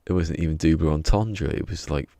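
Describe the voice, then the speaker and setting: In a dry recording, a man with an extremely low, warm voice and vocal fry speaks briskly, chatting casually on a game stream and rambling under his breath as he tinkers.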